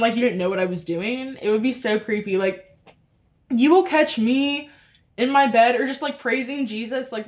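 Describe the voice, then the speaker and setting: Young woman with a chatty faith podcast voice. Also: on the high side. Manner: chatty, frequent fillers and laughs. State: a little out of breath. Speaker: podcast host. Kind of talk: casual faith talk. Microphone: close mic.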